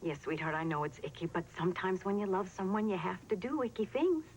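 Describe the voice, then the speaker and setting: A woman's voice: fairly low pitch, fast talker, a little hiss or hum, lightly acted. An actress playing a fierce, protective mother who talks her child through a crisis on the phone, then turns on her captors. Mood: soothing. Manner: soothing on the phone, then furious and scolding. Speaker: waitress held hostage. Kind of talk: 1980s sitcom acting.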